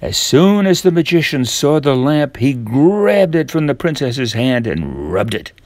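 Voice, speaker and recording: An older man reading a fairy tale aloud to children in a gentle, measured way. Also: mid-range voice, very animated, dry recording. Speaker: storyteller.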